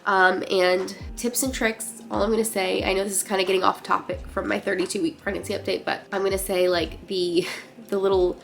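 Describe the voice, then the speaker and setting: A young woman with a stuffy, congested voice, chatting casually and quietly in a home vlog update. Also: mid-range voice, flat delivery, brisk, gravelly, soft background music. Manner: chatty, lots of fillers like "like" and "um"; keeping her voice down. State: congested, nasal. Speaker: vlogger. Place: guest room at home.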